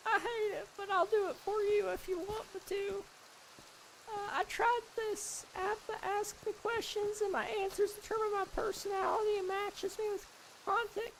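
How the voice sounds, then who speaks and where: A man doing a falsetto old lady. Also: a bit bright, slight background noise, full character voice, low-quality recording. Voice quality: high falsetto. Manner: chatty, apologetic, answers chat as he goes. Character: sweet, sour old lady. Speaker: streamer. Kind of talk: live stream chat.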